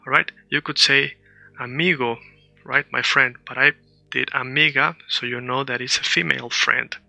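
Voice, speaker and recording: Male language teacher, casual lesson, very bright tone, dry close recording, explains and repeats words. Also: medium pitch, steady tone, moderate pace, vocal fry, no room sound. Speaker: Spanish teacher.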